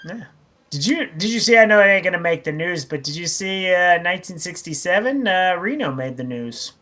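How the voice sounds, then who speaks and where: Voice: mid-range voice, animated, brisk, pushed and bright. A radio co-host chatting casually and joking about history items. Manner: jokey, puts on silly voices, laughs a lot.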